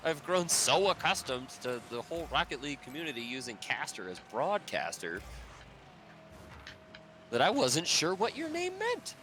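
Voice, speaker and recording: Chatty man streamer, lively pitch. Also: normal speed, slight background noise. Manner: chatty, rambling, playful. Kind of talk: casual gaming chat. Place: at home on a PC.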